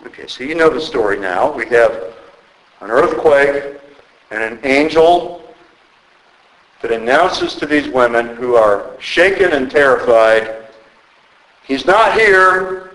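A man preaching a sermon as pastor, slow and emphatic with dramatic pauses. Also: mid-range voice, lively intonation, reverberant, rough recording.

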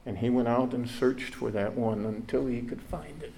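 A man's voice: mid-range voice, moderate pace, warm tone, a little hiss or hum. A male pastor preaching a sermon in earnest, often repeating words and rising to emphatic peaks.

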